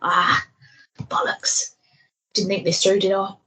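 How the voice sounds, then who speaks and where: Brief: chatty woman podcast co-host, breathy, husky tone, laughs easily. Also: mid-range voice, flat delivery, takes it slowly, bright, forceful tone, rough recording. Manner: giggly, chatty, rambling. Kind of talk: casual chat.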